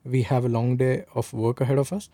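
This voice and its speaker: A man from India co-hosting a casual chat, explaining history in a relaxed way with fillers. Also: mid-range voice, a little fast, dry recording. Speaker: podcast co-host.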